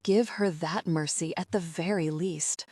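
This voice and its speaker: Woman doing a grieving young dad, choked, hoarse, low pitch, dry. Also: unhurried, darkish tone, no echo. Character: grieving young father, tough fighter.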